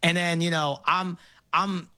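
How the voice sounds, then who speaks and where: A middle-aged Brooklyn man tells animated stories as a guest. His voice is bright and a little higher than most men's. The recording is dry and close. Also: dry recording. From Brooklyn, New York. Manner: animated storytelling, quick laughs. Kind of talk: casual interview chat.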